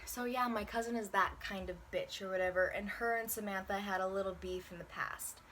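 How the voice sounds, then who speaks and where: Bright-voiced young woman telling a story. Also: mid-range voice, a little fast, slight background noise. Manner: profane, animated storytelling. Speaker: vlogger. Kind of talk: casual storytime. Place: bedroom at home. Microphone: handheld camera.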